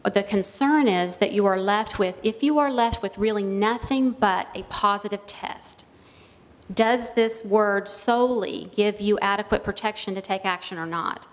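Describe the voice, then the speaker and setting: A woman testifying at a legislative hearing, laying out her points carefully and with hedges. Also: mid-range voice. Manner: careful, measured, hedging. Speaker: witness giving testimony. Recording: long reverb of a hearing room.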